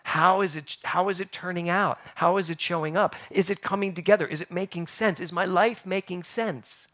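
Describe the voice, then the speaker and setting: A man preaching a sermon as pastor, telling stories and asking the congregation questions in a lively way. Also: sits high, normal speed. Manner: animated storytelling, rhetorical questions. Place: church sanctuary.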